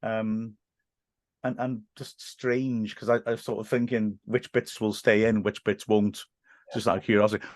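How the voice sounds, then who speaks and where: A man's voice: on the low side, level tone, normal speed, no room sound. A Welsh-accented man chatting as a podcast guest. He tells stories with animation, often restarting his sentences. His voice is recorded close and dry, with no room sound. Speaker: podcast guest, football commentator. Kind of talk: casual chat.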